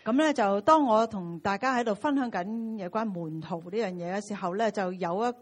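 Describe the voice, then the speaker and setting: A woman interprets a sermon phrase by phrase, filling her pauses with small filler sounds. Her voice has an ordinary middle pitch.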